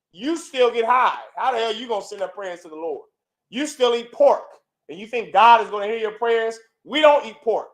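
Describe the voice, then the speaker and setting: Fiery high-pitched male preacher. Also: low-quality recording. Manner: forceful, swings between loud outbursts and low intense lines; repetitive, chanting lists. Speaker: preacher leading a congregation. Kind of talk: fiery sermon. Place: indoor gathering.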